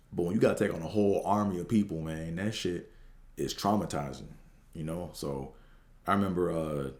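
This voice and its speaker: Deep-voiced and darkish in tone, a middle-aged podcast host from around Washington DC spins a loose, foul-mouthed story. He keeps restarting and filling gaps in this casual monologue, and the audio is reverberant.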